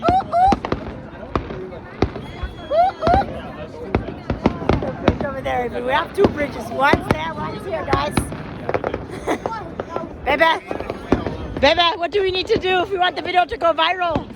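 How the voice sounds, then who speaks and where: A woman's voice: high voice, fairly quick, few pauses. A woman vlogging live at an outdoor fireworks show, exclaiming and whooping and calling out to her husband while she films on her phone. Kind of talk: excited live vlog chatter. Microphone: handheld phone camera. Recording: phone audio with loud fireworks behind. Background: fireworks bangs and crowd noise.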